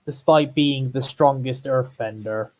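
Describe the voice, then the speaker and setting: A man co-hosting a podcast, chatting casually in a relaxed, agreeable way, often filling pauses with "like". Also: mid-range voice. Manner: relaxed, agreeable, lots of fillers like "like". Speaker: podcast co-host. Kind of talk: casual chat.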